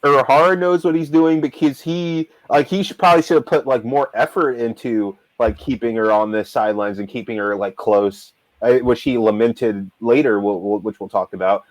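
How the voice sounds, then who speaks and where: A man's voice: medium pitch, steady tone, normal speed, few pauses, no echo, poor audio. A man co-hosting a casual talk show, rambling animatedly with lots of fillers and restarts. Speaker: manga reader and show co-host. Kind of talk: casual discussion.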